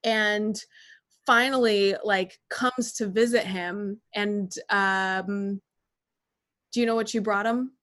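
Woman, mid-pitched, chatty, filler words, casual podcast talk. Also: fairly even intonation, slow pace, a bit bright. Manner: chatty, uses 'like' often, stumbles on words. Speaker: podcast co-host. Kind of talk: casual chat.

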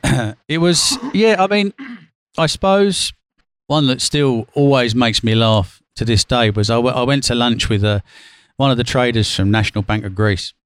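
Man guest, former trader, animated storyteller, dry close recording. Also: medium pitch, moderate pace, clean tone, dry recording. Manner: lively, acts out quotes, laughs while telling. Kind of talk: casual anecdotal storytelling.

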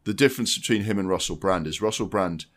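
A man with a very low, deep voice co-hosts a film podcast. He talks casually and bluntly, swears freely and often restarts his sentences. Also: quick pace. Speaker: podcast co-host.

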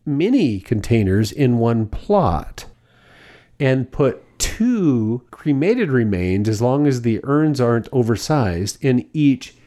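A man co-hosting a podcast, talking things through in casual chat. His pitch rises and falls a great deal as he explains, and he pauses now and then to find his words. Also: big pitch swings, mellow. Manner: explains at length with fillers and restarts. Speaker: podcast co-host.

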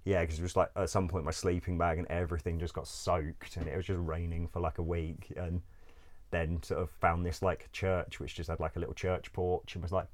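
A man's voice: deep voice, level tone, a little fast. A man telling a travel story in a loose, rambling way, laughing often, swearing freely and filling gaps with "like" and "um". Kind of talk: casual storytelling.

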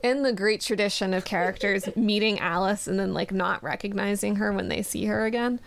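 A woman with a gravelly, fry-edged voice talks through a book in a relaxed podcast chat. She laughs easily and breaks off now and then to read passages aloud. Her pitch sits in an ordinary middle range. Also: a little fast. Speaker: podcast host. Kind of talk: casual book discussion chat.

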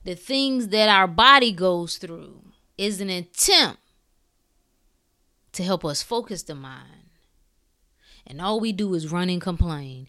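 A woman hosting a podcast, speaking in a blunt, preachy way with swearing and shifting between calm talk and fired-up bursts. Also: lowish voice, takes it slowly, pauses often. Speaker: podcast host. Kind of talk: impassioned spiritual talk.

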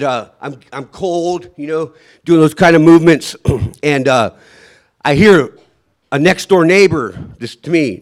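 A man with a higher-side voice describes surviving a personal ordeal, his speech halting and charged with emotion. Often he trails off before restarting, and he mimics his own shouts.

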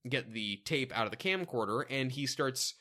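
Lively, bright-voiced man chatting casually. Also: mid-range voice, normal speed. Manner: joking, jumps into silly put-on voices. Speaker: podcast co-host. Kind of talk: casual podcast chat.

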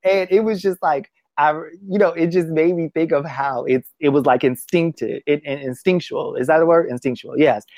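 Man, casual talk, emotional and halting, dry close mic. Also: a little high, a little mellow, dry recording. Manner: emotional, halting, many restarts. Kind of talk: casual conversation.

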